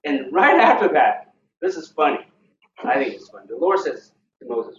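A man leading a Bible study, who talks haltingly and keeps checking in with his listeners. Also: medium pitch, big pitch swings, a little hiss or hum. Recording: echoey, dull, distant room recording.

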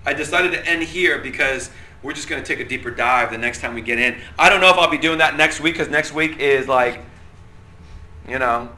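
A man's voice: mid-range voice, brisk, pushed and bright. A man leading a casual Bible lesson, chatty and often checking in with the class. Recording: roomy echo, faint room noise.

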